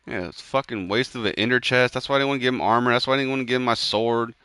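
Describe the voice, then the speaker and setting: This gamer's voice is mid-range, rapid-fire, clear, and resonant, recorded dry. Streaming his play and chatting with friends, the young man swears constantly, tosses around "bro" and "dude," and jumps to loud yelps in tense moments.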